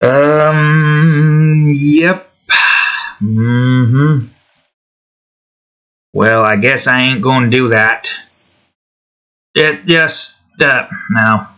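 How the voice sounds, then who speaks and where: The speaker draws his words out and pauses often, his medium-pitched voice smooth and fairly bright. He's a man hosting his own channel and drawing on stream, casually rambling to himself as he thinks aloud and trails off.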